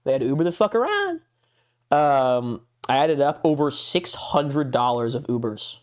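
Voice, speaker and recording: A man's voice: medium pitch, big pitch swings, moderate pace. A man co-hosting a casual podcast, ranting in an exasperated way with heavy swearing and a voice that jumps up when he gets worked up. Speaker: podcast co-host.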